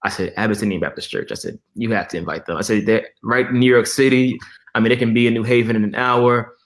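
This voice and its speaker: A man's voice: lowish voice, fast. A young man, a church musician, telling a story in a casual interview, acting out the dialogue with laughs. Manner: animated storyteller, acts out quoted dialogue with laughs.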